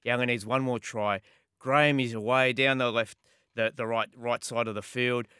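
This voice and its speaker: A man co-hosting a sports radio show, briskly retelling a play. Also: medium pitch, fairly even intonation, pushed and bright, smooth, dry recording, clean studio sound.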